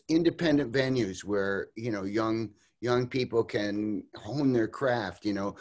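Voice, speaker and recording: An older man as an interview guest, talking casually over a video call, rambling with lots of fillers and restarts and laughing often. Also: medium pitch.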